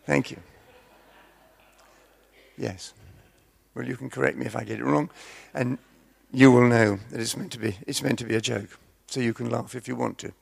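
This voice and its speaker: A man's voice: medium pitch, fairly even intonation, moderate pace, creaky, husky. A man preaching, chatty and self-deprecating, mixing humorous stories into his sermon. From Scotland.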